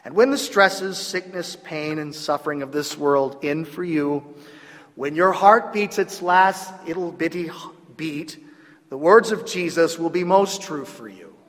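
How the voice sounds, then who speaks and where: A man with a Southern US accent preaching a sermon as pastor, swinging from loud emphatic declarations to hushed, near-whispered lines. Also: on the high side, animated, slow pace, long reverb tail.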